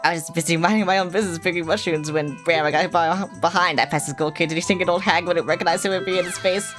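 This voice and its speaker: A woman's voice: on the low side, fairly even intonation, fast, close to an everyday voice. A woman voicing a proud, grumpy old witch from a video game, complaining with indignation. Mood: indignant. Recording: game music playing underneath.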